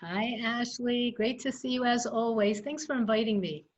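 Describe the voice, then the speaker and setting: A woman speaking as a guest expert on early childhood education in a casual webinar conversation, reflective and thoughtful with frequent pauses. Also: on the high side. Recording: slightly dull video call audio.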